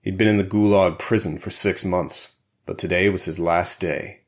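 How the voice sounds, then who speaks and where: A man narrating an action thriller audiobook in a steady, measured way. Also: deep voice. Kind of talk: scripted narration.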